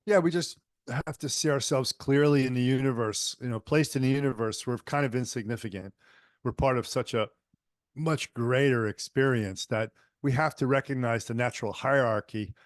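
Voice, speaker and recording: A man's voice: medium pitch, normal speed, no room sound, studio quality. Conversational male healing teacher. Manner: conversational, anecdotal, frequent fillers. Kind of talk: storytelling lecture. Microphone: online lecture microphone.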